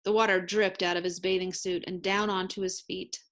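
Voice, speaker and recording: A woman teacher reads a children's picture book aloud at an easy, measured pace. Her narration is clear and gentle, made for young listeners. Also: mid-range voice, level tone. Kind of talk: read-aloud storybook narration.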